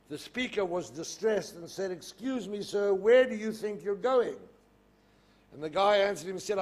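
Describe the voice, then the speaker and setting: An older man with a South African accent, giving a public lecture and telling anecdotes with lively storytelling. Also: high voice. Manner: storytelling, animated in jokes. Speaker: guest speaker. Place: lecture hall podium.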